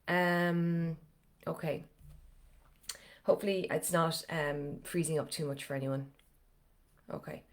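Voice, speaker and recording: Woman, vocal coach, a touch low and slightly strained, chatty step-by-step cues for a live online class. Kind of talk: live online singing lesson.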